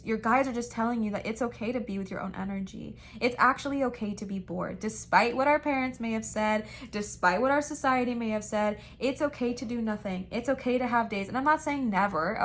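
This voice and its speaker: A woman's voice: a little high, fairly quick, few pauses, a little hiss or hum. A young woman giving a casual tarot reading, talking with emphatic, repeated reassurances and slangy, chatty phrasing. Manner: chatty and slangy, says frickin' and bestie. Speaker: tarot reader.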